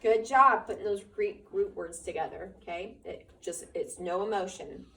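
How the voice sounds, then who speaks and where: A woman's voice: medium pitch, moderate pace, gravelly, a bit bright, recorded from a distance. Woman teacher reading aloud to a class. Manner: explaining, checks for understanding.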